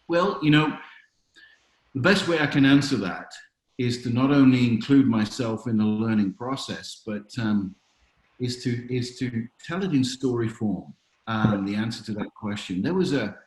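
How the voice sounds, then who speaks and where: A man's voice: medium pitch, normal speed, roomy sound, rough recording. A man, a chaplain being interviewed, speaking reflectively and telling stories with frequent fillers. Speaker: chaplain and author, podcast guest. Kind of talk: conversational storytelling interview.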